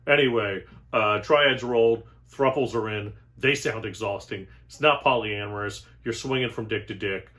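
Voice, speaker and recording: Guy hosting his own comedy bit, sarcastic, big animated outbursts, quick asides. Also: medium pitch. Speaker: comedian host. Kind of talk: stand-up style comic monologue.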